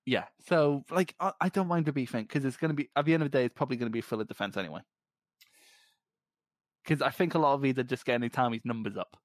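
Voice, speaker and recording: A man with a light Scottish accent, co-hosting a podcast in casual chat, ranting with plenty of swearing and quick laughs. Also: medium pitch, no room sound. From Scotland. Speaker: podcast co-host.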